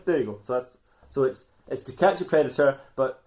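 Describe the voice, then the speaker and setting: A man's voice: medium pitch, expressive, fairly quick, darkish tone. A man co-hosting a comedy podcast, telling a silly fan fiction story in a rambling way and laughing often at his own jokes.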